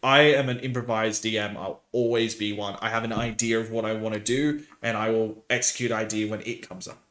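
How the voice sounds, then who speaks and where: A man, a podcast host and dungeon master, chatting casually and telling animated stories with laughter. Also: fairly low pitch, fairly quick, echoey room. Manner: rambling, animated storytelling with laughs.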